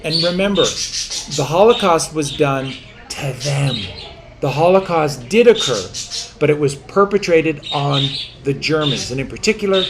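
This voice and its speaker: A man hosting an online show, forceful and repeating words for emphasis over a video call. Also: a little high, animated, moderate pace, noisy background. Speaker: show host.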